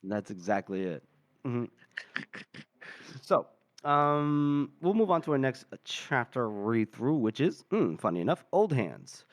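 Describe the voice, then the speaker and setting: A man's voice: medium pitch, sing-song, measured pace, dry recording. Laughing casual podcast man. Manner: loose storytelling with frequent laughs and fillers. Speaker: podcast host. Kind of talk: casual chapter recap.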